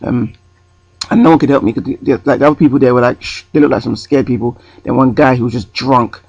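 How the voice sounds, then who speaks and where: Rambling gravelly man. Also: mid-range voice, steady tone, fast, darkish tone, no echo, lo-fi sound. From North London. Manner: rambling, self-correcting. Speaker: vlogger. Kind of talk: storytime vlog. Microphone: webcam close to the face.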